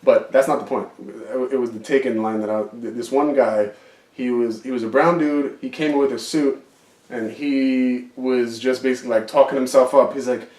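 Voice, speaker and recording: The man has a mid-range, darkish voice with a steady tone and moderate pace. Co-hosting a podcast, he tells a rambling story in casual chat, heavy on fillers and swearing, on a roomy, distant-mic recording.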